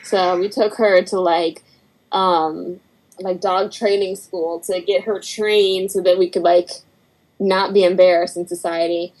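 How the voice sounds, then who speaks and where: A woman's voice: on the low side, unhurried, rough recording. A woman guest on a podcast, chatting casually and acting out the voices in her stories. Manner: animated storyteller, acts out quotes and barking. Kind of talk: casual chat.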